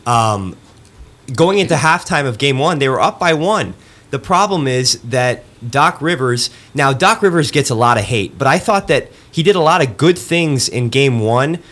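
A man co-hosting a sports podcast, analyzing basketball in a measured, steady way. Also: mid-range voice. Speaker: podcast producer, co-host.

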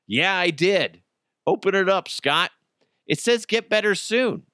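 A brusque, mocking office manager, as a man puts him on, with a lively, bright voice that jumps around in pitch. He talks down to a worker in short, blunt jabs. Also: measured pace, dry recording, clean studio sound, heavily acted.

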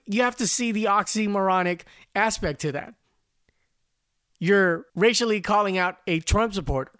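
High-voiced man hosting a podcast, dry. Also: normal speed, fairly bright tone, clear, resonant tone, no room sound. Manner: rambling, repeats words when starting. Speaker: podcast host. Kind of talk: casual commentary.

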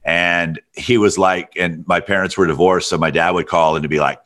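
A middle-aged man from Alabama with a very deep, rich voice that sounds made for radio. He is a guest in an interview, telling long stories in an easy, relaxed way. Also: normal speed. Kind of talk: storytelling interview.

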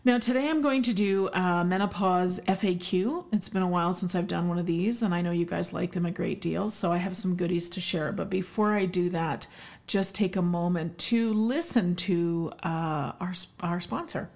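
A woman's voice: on the low side, normal speed. A middle-aged woman from Canada hosting her own podcast solo, talking in an emphatic, effusive way with many ums and uhs. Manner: warm, emphatic, effusive with frequent fillers. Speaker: podcast host, health expert.

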